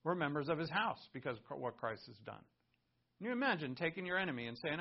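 Male pastor, gravelly mid-pitched voice, animated conversational sermon, dull lo-fi recording. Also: fast. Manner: animated, conversational preaching with asides and laughs.

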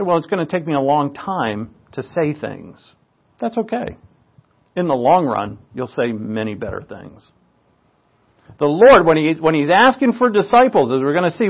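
Gravelly man preaching a chatty sermon. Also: a little high, muffled recording. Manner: chatty, with joking self-mocking asides. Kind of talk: conversational sermon.

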